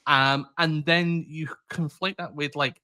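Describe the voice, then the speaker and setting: A man's voice: on the high side, fairly even intonation, measured pace, pushed and bright, no room sound, studio quality. A man co-hosting a podcast, chatting casually and giving teasing, opinionated takes on a film. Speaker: podcast co-host. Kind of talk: casual chat.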